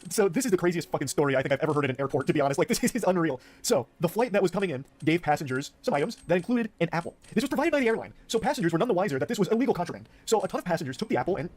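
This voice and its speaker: Male reaction host, rapid-fire, profane, jokey outrage. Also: a little high, sing-song, a little mellow. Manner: irreverent, swearing, jokey outrage. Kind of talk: casual reaction commentary.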